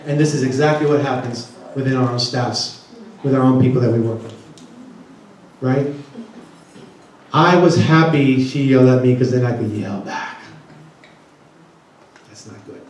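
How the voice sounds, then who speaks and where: This seminar talk comes from a conference speaker with a medium-pitched voice, keeping a moderate pace broken by long pauses. He asks the audience many questions in a large conference room. The sound is echoey from a distant mic, with a little hiss or hum.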